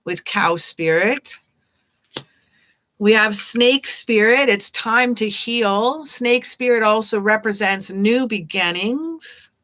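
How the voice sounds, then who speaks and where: A woman's voice: medium pitch, takes it slowly, bright, forceful tone. A woman giving a live-stream tarot reading as host, talking in an upbeat, playful and affirming way. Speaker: tarot reader.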